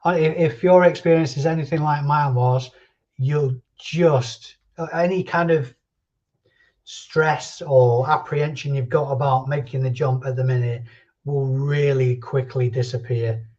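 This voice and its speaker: A man hosts a loose live stream chat, answering viewers as he goes. His voice is mellow and low in the treble, and the stream audio sounds a little dull and lo-fi. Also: steady tone, measured pace. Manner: chatty, answers viewer comments and drifts between thoughts.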